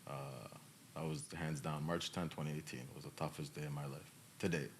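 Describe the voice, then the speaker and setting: A male podcast host, choked up and emotional, answering questions in a reflective, halting way with many fillers. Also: a bass voice, steady tone, vocal fry, slight background noise.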